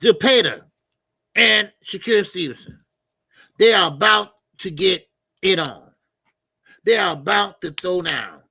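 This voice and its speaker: A man's voice: sits high, lively intonation, unhurried, creaky, pauses often, sharp tone, slightly rough, dry recording. A man hosting a casual boxing live stream, rambling loosely, repeating himself and answering the chat. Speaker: boxing channel host.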